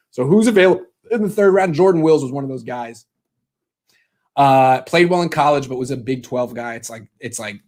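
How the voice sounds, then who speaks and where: A man giving casual sports commentary with a sarcastic, ranting manner and quick asides. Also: medium pitch.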